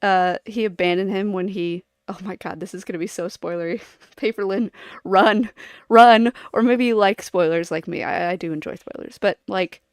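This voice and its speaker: A woman's voice: fairly low pitch, fairly even intonation, brisk, no echo, clean studio sound. A woman streamer chatting casually to her viewers, rambling and giggling as she jumps from one topic to the next.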